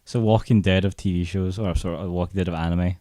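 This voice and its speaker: A man's voice: deep voice, steady tone, fast, mellow, no echo, studio quality. A man co-hosting a casual podcast chat, teasing his co-host and telling stories dramatically.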